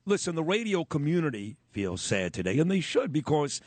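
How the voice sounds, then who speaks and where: A man hosting a morning radio show, telling stories quickly and laughing often; he grew up in Brooklyn, New York. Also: a little high, no echo. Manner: animated, quick storytelling with laughs. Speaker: radio host.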